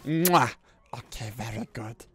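A man doing Gollum, low and creeping. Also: animated, slow, fairly bright tone, husky, heavily acted. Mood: fawning. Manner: broken grammar, low creeping voice. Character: creepy hissing male Gollum creature, fawning.

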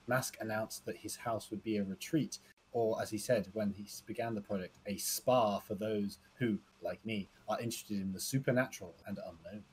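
A man's voice: fairly low pitch, normal speed, slight background noise, poor audio. A man casually joking and reading game text aloud with a friend while playing. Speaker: co-player. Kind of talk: casual gaming chat.

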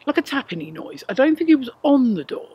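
A woman, a paranormal investigator, talking in animated casual chat. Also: high-pitched, quick pace, husky, no echo, dull audio.

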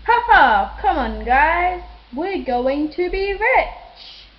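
A woman's voice: medium pitch, expressive, slow, highs cut off. A woman narrating a rhyming storybook in the voice of a boastful man who chops down trees. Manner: boastful, sing-song rhyming. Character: boastful male tree-chopping builder, narrating.

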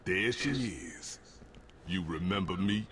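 A whiny, arrogant schemer. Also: male voice, deep voice, expressive, slow, fairly bright tone, full character voice. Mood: indignant. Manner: pleading and indignant.

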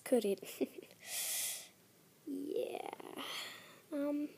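A young woman plays a horror game and talks through it, her voice high and breathy. She talks slowly and nervously, often sinking into a whisper. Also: steady tone, a little mellow, no room sound. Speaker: let's play gamer.

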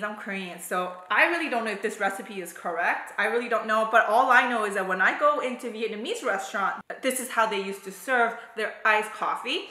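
A woman's voice: fairly high pitch, pushed and bright. A woman hosting a home cooking and mukbang vlog, chatting animatedly to the camera and laughing often. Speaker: vlogger, mukbang host. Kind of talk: casual chat to camera. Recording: echoey room.

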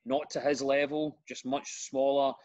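A middle-aged Glaswegian man, a comedian and radio host, chatting as a podcast guest and telling animated stories with lots of restarts. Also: mid-range voice, moderate pace, highs cut off. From Scotland. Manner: animated storyteller, repeats words when starting sentences. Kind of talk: casual interview chat.

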